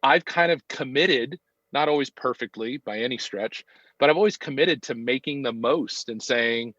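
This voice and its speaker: A man's voice: mid-range voice, moderate pace, fairly bright tone, no room sound. A man in his fifties, a podcast guest, talking in a reflective, hesitant way with many ums and restarts. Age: 50s. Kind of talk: casual conversational interview. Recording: dull, dry sound.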